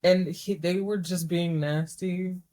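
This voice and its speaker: A young woman co-hosting a podcast who gushes excitedly about a book and swears casually. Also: on the low side, takes it slowly, low-quality recording. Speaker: podcast co-host.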